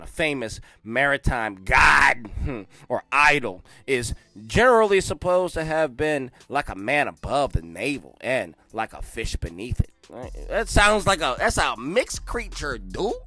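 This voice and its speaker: A young man reading a history book aloud, breaking in with loud, slangy asides and dropping to quiet mumbled reading. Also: mid-range voice. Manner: animated slangy asides between read passages. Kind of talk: casual read-along with commentary.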